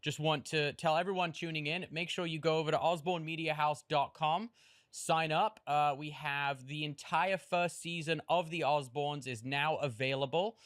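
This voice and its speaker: A man's voice: a little high, steady tone, moderate pace, fairly bright tone. A man co-hosting a family podcast, joking and rambling through plugs and chat. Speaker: podcast co-host.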